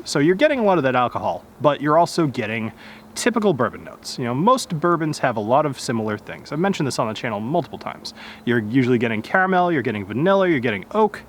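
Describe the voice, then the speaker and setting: A man's voice: a little high, slight background noise. A man casually reviewing a whiskey outdoors, chatty and correcting himself as he goes. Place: outdoors in nature.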